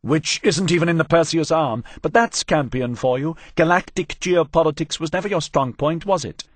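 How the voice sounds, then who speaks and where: A man voicing a smooth male host who introduces guests briskly and teases his friend. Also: a little high, dry recording, voice pushed up, close to an everyday voice. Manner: brisk, teasing, lively.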